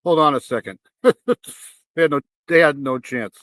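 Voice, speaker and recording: A man's voice: medium pitch, quick pace, a bit bright, dry recording. A man hosts a live reaction stream and keeps breaking into exclamations and the odd curse. He lets out nervous laughs between remarks. His voice sits close and dry, with no room sound around it.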